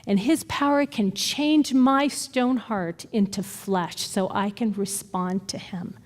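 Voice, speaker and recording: A woman teaching a Bible study takes her time, speaking at a medium pitch with a steady tone. Her conversational teaching includes earnest retellings of stories with quoted dialogue, and the recording carries a long reverb tail.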